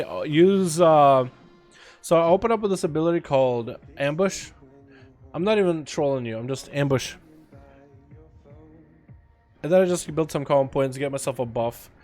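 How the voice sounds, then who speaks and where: Chatty male gamer streamer, faint music. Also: a little high. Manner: chatty, reads and answers chat, bursts into loud excited outcries. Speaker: livestreamer playing a video game. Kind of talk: casual gaming livestream chat.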